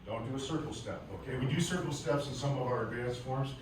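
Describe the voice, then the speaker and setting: A man's voice: medium pitch, quick pace, far from the mic, background noise. Man with a Southern US accent teaching martial arts in an echoey hall. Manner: calm explaining, with loud barked commands. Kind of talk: teaching a class, calling counts. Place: large echoey training hall.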